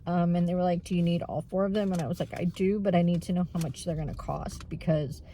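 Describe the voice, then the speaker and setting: A woman talking openly to her viewers in a casual vlog, with many fillers and frequent throat clearing. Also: lowish voice, fairly even intonation, quick pace, mellow, slight background noise. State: tearful at times. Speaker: vlogger. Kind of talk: casual vlog chat while running errands.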